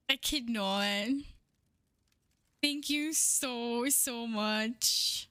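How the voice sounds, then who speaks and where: A young woman streaming live, chatting excitedly with her viewers, swearing and laughing often. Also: high-pitched, unhurried, dry recording, clean studio sound. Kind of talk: casual live-stream chat.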